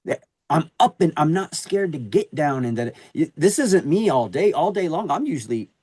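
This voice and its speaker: A middle-aged man in sales, a podcast guest, telling stories in a lively, slangy way in a casual conversation. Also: a little high, normal speed, slightly rough, no room sound. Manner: animated storyteller using slangy street talk.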